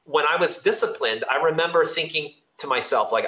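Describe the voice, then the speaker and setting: A man's voice: on the high side, lively intonation, brisk, sharp tone. A man preaching a sermon as a pastor, talking in an earnest, conversational way with loose fillers and restarts, in a church hall. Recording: echoey room.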